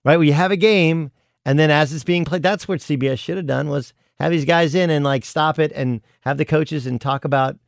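A middle-aged man, a college basketball analyst sitting in as guest co-host on a sports radio show, chats casually and rambles, restarting often. His voice is a little high, brisk and creaky, captured in a dry, clean studio recording.

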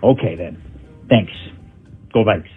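A man's voice: low-pitched, lively intonation, slow pace, breathy edge, soft background music, exaggerated voice. A man playing an earnest, chatty male caller with a Minnesota accent. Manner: chatty, rambling. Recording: tinny phone line.

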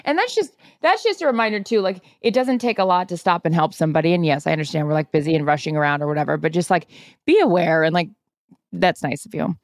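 A chatty woman in her thirties co-hosting a casual talk show, with a slightly low voice. She is recorded close and dry. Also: quick pace, dry recording. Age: 30s. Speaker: podcast co-host. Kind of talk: casual chat.

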